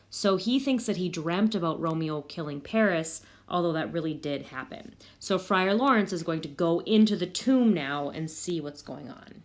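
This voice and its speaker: A woman's voice: lowish voice, moderate pace, few pauses. A woman, probably a teacher, casually retelling a play scene and paraphrasing its lines in everyday words.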